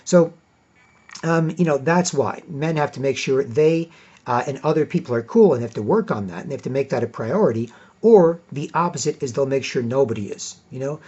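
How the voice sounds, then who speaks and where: A man's voice: medium pitch, lively intonation, a little fast, a little mellow, breathy edge. A man giving a rambling, emphatic vlog monologue, swearing freely and ending his points with "right?". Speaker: vlogger. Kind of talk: casual lecturing monologue. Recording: dull lo-fi recording.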